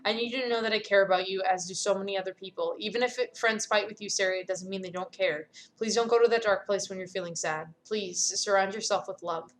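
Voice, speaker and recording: Brief: woman reading a stern, caring captain; earnest, mid-pitched, firm. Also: fairly even intonation, quick pace, hardly any pauses, close to an everyday voice. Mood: pleading.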